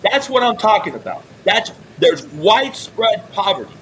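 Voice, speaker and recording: A man's voice: high-pitched, sing-song, normal speed, fairly bright tone, slight background noise. A man hosting a live-streamed interview over a video call, talking with upset passion and repeating himself. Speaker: online news show host.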